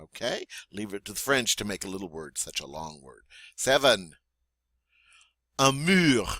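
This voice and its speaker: A man teaching French vocabulary, modeling each word slowly and deliberately, then pausing for the listener to repeat, in a friendly, encouraging teacher's tone. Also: low-pitched, animated, pushed and bright, no echo. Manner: slow, deliberate model pronunciation with pauses for repeating. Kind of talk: vocabulary lesson for learners.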